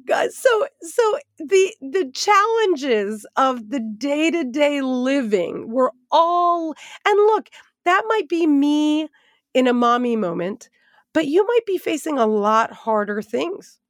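A woman Bible teacher telling a lively personal story as she leads into a devotional lesson. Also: fairly high pitch, no echo, studio quality. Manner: animated, expressive storytelling with asides.

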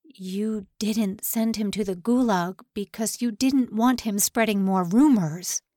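A woman's voice: medium pitch, expressive, takes it slowly, husky, dry recording, clean studio sound. A woman narrator voicing a shaken young male officer who speaks in a strained, tearful, accusing way. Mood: anguished.

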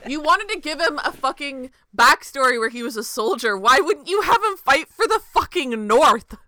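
Bright, lively, indignant woman podcaster. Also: high-pitched, moderate pace. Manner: indignant, profane, sarcastic. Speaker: podcast co-host. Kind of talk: casual chat.

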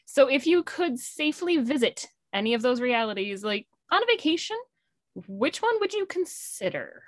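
A woman's voice: sits high, sing-song, moderate pace, no room sound, clean studio sound. A woman hosting an interview, asking questions in a friendly, easy-laughing way. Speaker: interview host. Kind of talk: casual interview.

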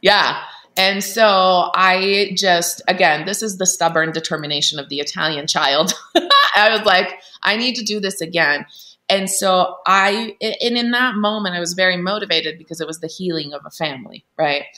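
A woman with a lowish voice and a crisp, forceful tone tells her story as an interview guest. She talks in an earnest, animated way and often breaks off and restarts. Fillers like "you know" and "like" run through her speech. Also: moderate pace.

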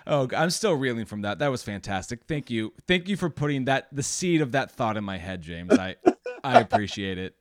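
A man's voice: medium pitch, very animated, fairly quick, dry recording, studio quality. A man co-hosting a movie podcast, wry and playful, stammering through restarts as he chats casually. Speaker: podcast co-host. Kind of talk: casual chat.

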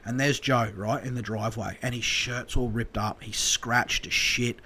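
A young Australian man telling an animated story in casual podcast chat, swearing freely and acting out the voices. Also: mid-range voice, moderate pace, slight background noise. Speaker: podcast co-host.

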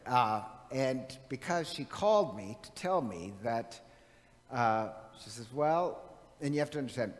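A middle-aged man preaching a conversational sermon as a priest, animated and chatty, often asking his listeners questions. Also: a little high. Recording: long reverb of a large hall.

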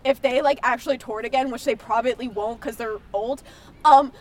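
A woman's voice: a little high, steady tone, normal speed. A nineteen-year-old woman guesting on a podcast, talking with gushing enthusiasm and lots of "like". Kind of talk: casual podcast chat.

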